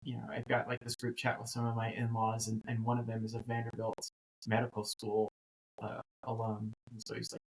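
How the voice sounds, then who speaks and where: A man's voice: mid-range voice, brisk, poor audio. Rambling man chatting about college football. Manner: rambling, animated, frequent restarts. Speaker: co-host. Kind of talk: casual sports chat.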